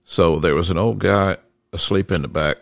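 An older man, slowly recalling old family stories in casual conversation, with many pauses and fillers. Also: sits low, fairly even intonation, creaky. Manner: slow, halting recollection with many fillers. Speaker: guest father telling stories. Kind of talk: casual storytelling.

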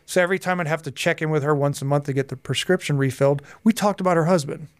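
A man in his forties, a guest on a podcast interview, telling personal stories in a lively way and acting out the dialogue. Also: fairly high pitch, fast talker, clean tone, no room sound, clean studio sound. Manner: lively storyteller who acts out dialogue. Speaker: guest, hypnotherapist and coach.

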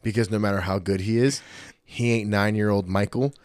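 A man chatting on a podcast, his voice sitting a little low. He tells stories with plenty of swearing and slips into mocking impressions of other people. The room sounds dry and close. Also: fairly quick, no echo. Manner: animated storyteller, mimics voices, swears freely. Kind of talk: casual chat.

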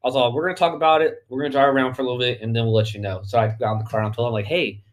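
A man's voice: mid-range voice, fairly even intonation, racing. A man co-hosting a podcast, telling rambling stories in casual chat and laughing often; he coaches youth flag football. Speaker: podcast co-host.

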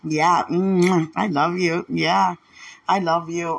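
A woman who leads a ministry, praying aloud and talking about her faith with fervent, exclamatory praise, swinging between loud outbursts and low murmurs. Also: fairly even intonation, slow, gravelly, slightly rough. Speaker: ministry leader. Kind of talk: spontaneous prayer and spiritual talk.

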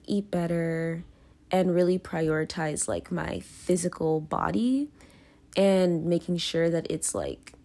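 A young woman hosts her podcast alone, her voice sitting a little low for a woman. She takes her time and drifts slowly from thought to thought, full of likes and ums, sounding self-conscious and unguarded. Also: vocal fry. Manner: rambling, filler-heavy, self-conscious. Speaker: podcast host. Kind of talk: casual confessional monologue.

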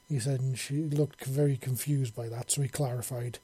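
A man narrating a fantasy story in a relaxed way, with small slips and self-corrections. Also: mid-range voice, normal speed, few pauses, breathy edge, no echo.

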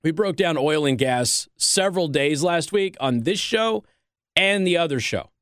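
A man's voice: fairly high pitch, expressive, a little slow, fairly bright tone, no room sound, clean studio sound. A man hosting a political talk show, delivering opinionated commentary and mocking others in quoted voices.

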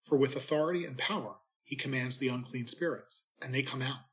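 Man reading scripture with measured reverence. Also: mid-range voice, fairly bright tone, rough recording. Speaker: clergyman giving daily readings and reflection. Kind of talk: scripture reading and short homily.

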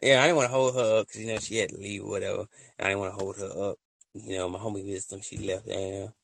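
A man hosts a laid-back solo podcast, rambling excitedly, using lots of slang, and frequently laughing at his own stories. His voice is on the low side and fast, with vocal fry, and there's no echo.

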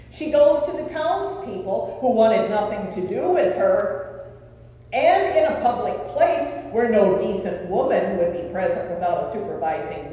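A woman pastor preaching a sermon in a deliberate way, with rhetorical questions and lists, recorded in a church sanctuary. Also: a little high, dark tone. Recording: echoey hall from far off.

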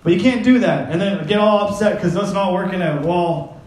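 A man's voice: high voice, fairly quick, a little mellow, roomy sound, poor audio. A male pastor giving a sermon in a loose, conversational way, joking, laughing often and briefly acting out the people in his stories.

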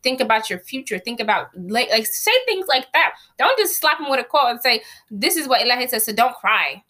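A woman in casual podcast chat, animated and talking fast with lots of fillers. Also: a little high.

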